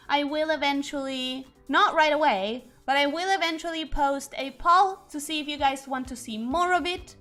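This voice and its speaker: A woman whose first language is Spanish, speaking English with a Spanish accent as she chats casually on a livestream and reads chat aloud, rambling and thinking out loud. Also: high-pitched. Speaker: streamer.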